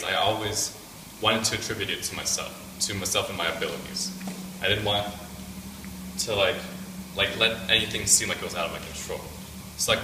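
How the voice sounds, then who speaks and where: A man's voice: deep voice, background noise. A young man casually telling a personal faith testimony to a student group, rambling with many fillers. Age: young adult. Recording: echoey room picked up from a distance.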